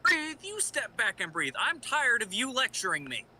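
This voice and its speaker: A man voicing a brooding, defiant young male vigilante sidekick in a live fan audio drama read, sullen and low, flaring into angry shouts. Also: moderate pace, a little hiss or hum.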